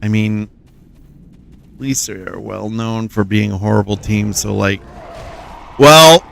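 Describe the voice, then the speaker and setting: A man's voice: fairly low pitch, flat delivery, unhurried, creaky, darkish tone, slight background noise. A man from the Midwest, chatting playfully while streaming a game and joking with his viewers. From Cincinnati, US Midwest. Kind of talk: casual gaming commentary.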